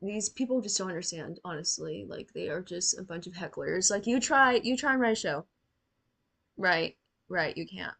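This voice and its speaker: A woman's voice: lowish voice, normal speed, gravelly, a bit bright. A young woman giving casual reaction commentary on a TV show, blunt and sarcastic, swearing freely and talking straight to the characters.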